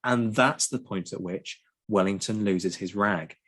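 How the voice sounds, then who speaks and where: Low-voiced man explaining history. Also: measured pace. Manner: lively, ranting, frequent ums. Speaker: podcast co-host. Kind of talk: explaining history in casual chat.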